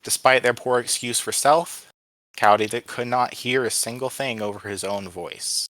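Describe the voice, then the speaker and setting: A man's voice: medium pitch, moderate pace, a bit bright, no room sound, poor audio. A man reading his own story aloud in plain narration, with small slips, over voice chat from home.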